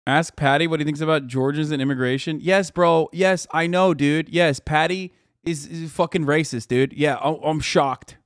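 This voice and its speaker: A man streaming live, reacting to news with loud, profane jokes and banter with his chat. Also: a little high, no echo, clean studio sound.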